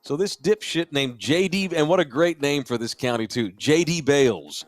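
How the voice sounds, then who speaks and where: A man's voice: fairly high pitch, expressive, normal speed, hardly any pauses, no echo, faint music behind. A man hosting a podcast, making crude jokes in a casual chat. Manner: profane, joking, wisecracking. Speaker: podcast host.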